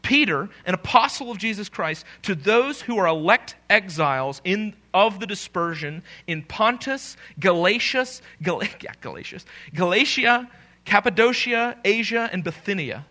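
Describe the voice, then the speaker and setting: A man preaches a live church sermon as pastor, his voice high, expressive and bright with a forceful tone. He jokes with the congregation and slowly repeats key phrases for emphasis.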